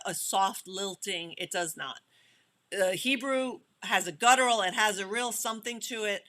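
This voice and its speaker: A middle-aged woman film director talking in a casual interview, animated, often laughing and restarting her sentences. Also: medium pitch.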